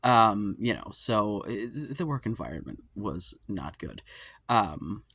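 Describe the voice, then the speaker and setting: A man's voice: fairly low pitch, big pitch swings, slow, creaky, bright, forceful tone, husky, no room sound. Profane, rambling man with a dry, close sound. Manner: profane, self-deprecating, tangent-prone. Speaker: advice podcast host. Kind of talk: casual rambling monologue.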